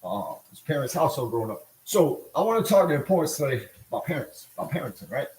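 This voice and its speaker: A man's voice: medium pitch, very animated, fast talker, a little mellow. Slangy man, echoey room. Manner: rambling, slangy, laughs often. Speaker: livestream host. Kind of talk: casual livestream talk while cooking.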